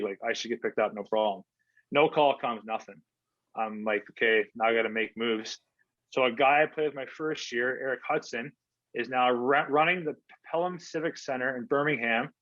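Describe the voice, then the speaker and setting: A man's voice: mid-range voice, a bit bright, no echo. Chatty man telling stories, dull dry sound. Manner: chatty, filler-heavy, replays conversations in quotes. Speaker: hockey player guest. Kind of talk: casual storytelling interview.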